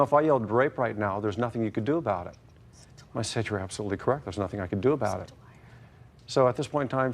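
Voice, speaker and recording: A middle-aged man telling his story in court, halting and full of fillers. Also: medium pitch. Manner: hesitant, halting, many fillers. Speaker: plaintiff. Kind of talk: testimony in court.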